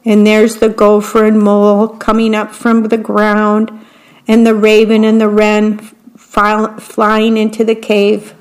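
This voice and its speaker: Slow, gentle woman reading picture books. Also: mid-range voice, monotone, poor audio. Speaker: storybook reader.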